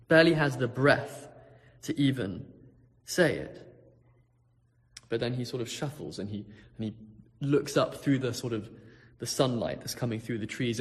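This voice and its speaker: A pastor preaching a sermon, telling a story vividly, swinging from hushed tones to loud ones. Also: male voice, medium pitch, big-room sound.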